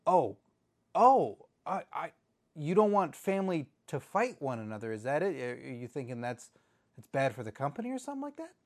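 Brief: nervous male host, stammers and placates, pitch jumping all over. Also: big pitch swings, fairly quick. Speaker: show host. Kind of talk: comedy sketch interview.

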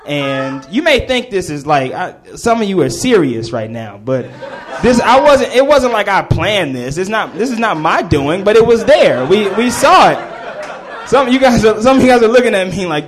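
A man's voice: sits high, sing-song, normal speed. A man telling a comedic story to a live audience, laughing and acting out the voices of the people in it.

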